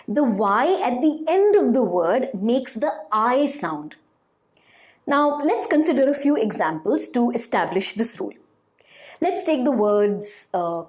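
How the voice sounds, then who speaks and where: A woman teaching a phonics lesson to children, slowly sounding out example words and asking questions. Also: fairly high pitch. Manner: slow, lively, sounding out words.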